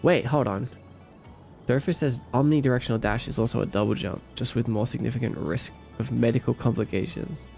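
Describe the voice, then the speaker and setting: A man's voice: mid-range voice, fairly quick, vocal fry, a little mellow, soft background music. A young man with an Australian accent hosting a casual livestream, reading viewer comments aloud and answering them in a playful, easygoing way. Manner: playful and easygoing, answers chat with light joking.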